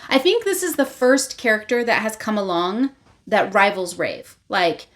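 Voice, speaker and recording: A woman's voice: mid-range voice, big pitch swings, normal speed. Chatty woman recapping a book. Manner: chatty, with lots of "like" and "you know". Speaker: book vlogger.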